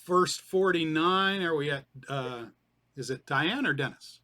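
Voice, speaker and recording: A man's voice: fairly high pitch, measured pace, sharp tone. A man leading a group Bible study, explaining in a conversational way and putting questions to the group.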